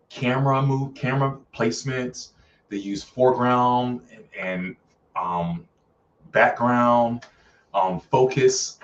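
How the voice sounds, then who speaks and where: A man's voice: lowish voice, recorded from a distance, muffled recording, slight background noise. A man reviewing films in a casual live stream, chatty and full of fillers, often acting out characters' lines. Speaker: film reviewer.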